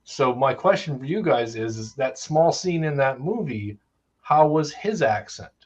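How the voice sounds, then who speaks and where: A man's voice: medium pitch, expressive, unhurried, a little mellow, lo-fi sound. An American man co-hosting a casual chat, thoughtful, putting questions to the others. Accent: American English. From United States. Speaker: podcast co-host.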